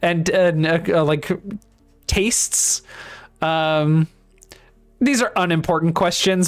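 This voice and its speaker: A man co-hosting a casual book discussion podcast who reads passages aloud and reacts hesitantly, with frequent ums and laughter. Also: a little high. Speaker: podcast co-host.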